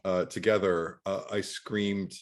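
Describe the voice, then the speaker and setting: A man co-hosting a casual chat about a horror film, laughing often and breaking into loud screamed impressions. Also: low voice, flat delivery, slow pace, background noise. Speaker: co-host.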